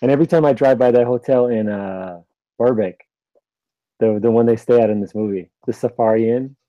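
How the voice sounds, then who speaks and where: A man co-hosting a movie podcast, swapping stories and deadpan jokes. His voice sits mid-range, recorded dry and close to the mic. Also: mid-range voice, fairly quick, dry recording, dull audio. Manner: joking, storytelling, playful. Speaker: podcast co-host. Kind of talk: casual chat.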